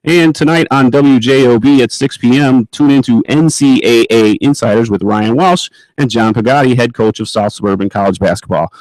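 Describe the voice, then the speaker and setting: A man's voice: medium pitch, a little mellow, no room sound, low-quality recording. Man reading a radio sports update. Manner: brisk, announcer-like. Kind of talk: read radio sports bulletin.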